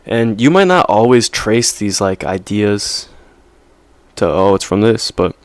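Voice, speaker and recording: A young man talking straight to his viewers in a loose, rambling way, leaning on slang and little "you know?" checks. His voice sits on the low side and comes through dry and close, with no room sound around it. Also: animated, unhurried, clear, resonant tone, no echo. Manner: rambling, slangy, self-interrupting with "like" and "right?". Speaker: vlogger. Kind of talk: casual monologue to camera.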